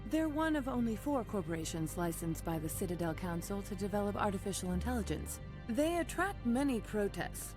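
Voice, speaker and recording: An actress voicing a polite, informative receptionist in a video game. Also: female voice, mid-range voice, fairly quick, music in the background, natural voice. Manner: polished, informative, even. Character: polite female receptionist at a research colony.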